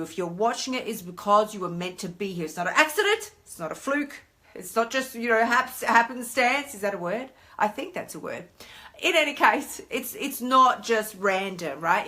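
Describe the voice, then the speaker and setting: Bright chatty Australian woman. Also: medium pitch. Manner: chatty and animated, acts out inner voices. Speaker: weight-loss coach hosting a live stream. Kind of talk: casual live-stream talk.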